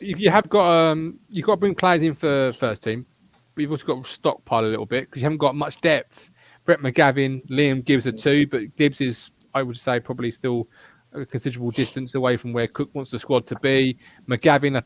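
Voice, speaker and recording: A man hosting a casual fan podcast, with a slightly raised pitch. He talks in an animated, jokey way and teases his co-hosts. The sound is dry and close. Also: dry recording. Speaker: podcast host.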